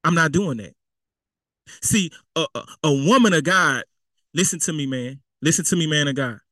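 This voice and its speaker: A man's voice: a little high, moderate pace, fairly bright tone, dry recording. A man preaching a sermon in a casual, conversational way, repeating himself and throwing in asides. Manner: conversational and repetitive, with spoken asides.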